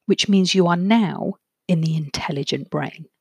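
A woman, a therapist hosting her own podcast, explaining ideas in a clear, measured way and slowing down to stress key phrases. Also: lowish voice, darkish tone, no room sound. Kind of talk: solo podcast talk.

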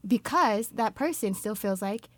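A woman's voice: mid-range voice, expressive, unhurried, no room sound. A woman co-hosting a casual chat, blunt and argumentative, swearing freely. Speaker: podcast co-host.

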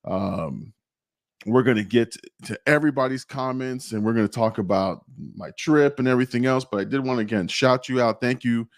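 A hoarse man hosting a podcast in a casual, excited chat, laughing often and repeating his words. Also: mid-range voice, a little fast, no room sound, studio quality. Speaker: podcast host.

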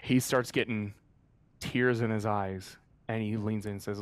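A man's voice: on the low side, fairly even intonation, a little slow. Earnest man telling a heartfelt story. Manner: earnest, heartfelt, with frequent fillers and restarts. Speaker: mascot performer. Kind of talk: storytelling in a conversational interview.

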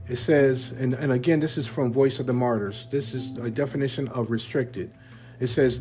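A man hosting a Christian podcast, speaking in a measured, earnest way with occasional fillers and asides. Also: mid-range voice, a little mellow. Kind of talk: scripted-sounding podcast talk.

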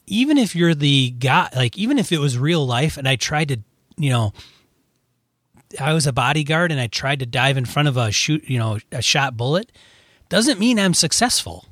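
A man co-hosting a casual gaming podcast, thinking out loud in halting sentences full of "like" and "you know". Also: a little high, sing-song, no room sound, clean studio sound. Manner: halting, full of fillers and restarts. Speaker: podcast co-host. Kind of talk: casual chat.

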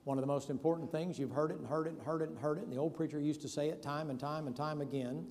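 A man's voice: on the high side, steady tone, fast, a little mellow, big-room sound. A man preaching a sermon, telling Bible stories in a folksy way and acting out their characters in casual voices. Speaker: pastor.

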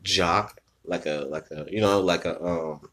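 A man co-hosting a podcast, chatting casually in slangy speech and acting out other people's lines in quick quoted voices. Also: deep voice, fairly even intonation, a bit bright. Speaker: podcast co-host.

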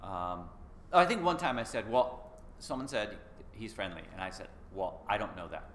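Man, podcast co-host, relaxed rambling chat, roomy echo, faint hiss. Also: lowish voice, moderate pace. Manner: easygoing, rambling with restarts. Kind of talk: casual chat. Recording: echoey room with faint noise.

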